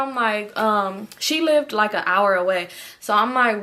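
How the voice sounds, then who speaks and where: A woman's voice: medium pitch, fairly even intonation, normal speed, pushed and bright. A young woman casually telling a rambling story, full of slang and swearing.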